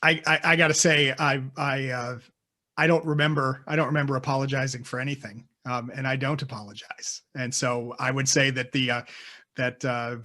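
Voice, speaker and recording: Halting man speaking on a panel. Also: medium pitch, flat delivery, sharp tone. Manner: halting, many restarts and repeated words. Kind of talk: unscripted panel discussion.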